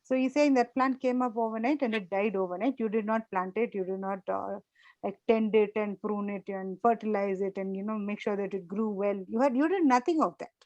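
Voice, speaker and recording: A woman's voice: mid-range voice, brisk, a little mellow, no room sound, muffled recording. A woman leading a church Bible study, explaining scripture in a conversational way and often checking in with the group. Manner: conversational, repeats points, asks the group questions.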